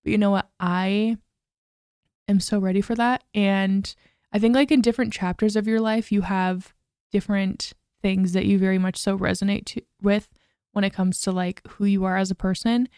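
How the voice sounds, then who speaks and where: A woman's voice: mid-range voice, fairly even intonation, moderate pace, darkish tone, clean tone, no echo, clean studio sound. A young woman hosting a casual solo podcast, chatty and full of "like" and "literally". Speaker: podcast host.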